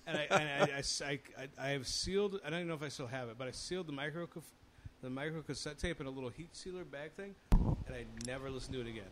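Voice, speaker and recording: A man's voice: on the high side, fast, fairly bright tone, a little hiss or hum, rough recording. A man in his thirties, a podcast co-host chatting casually, telling rambling stories and swearing freely. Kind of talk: casual chat.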